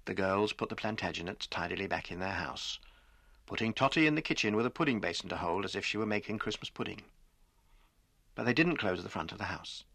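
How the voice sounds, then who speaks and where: Low husky man narrating a storybook. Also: animated, fairly quick, no room sound, clean studio sound. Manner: gentle storytelling, acting out quoted lines.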